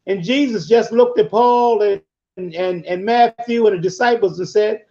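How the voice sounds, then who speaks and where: A man with a high voice tells a story like a preacher giving a sermon, with lively, rolling cadences as he hosts a podcast. The audio is dull and lo-fi, like a call recording. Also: measured pace. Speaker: podcast host.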